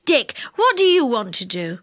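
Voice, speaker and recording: A woman's voice: a little high, very animated, normal speed, fairly bright tone, no room sound, clean studio sound. A woman voicing a sensible storybook boy who speaks plainly and matter-of-factly.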